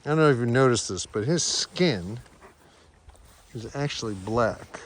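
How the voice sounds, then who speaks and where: With lively intonation and no hurry, a middle-aged man, minister of a farm church, talks casually out on a windy farm. Now and then he coos at his animals in high baby talk.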